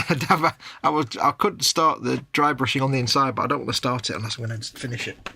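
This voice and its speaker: Male co-host, husky voice, sharp and quick, teasing banter. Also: mid-range voice, steady tone. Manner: joking, teasing banter while painting models. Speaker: co-host of a live modelling stream. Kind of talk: casual live-stream chat.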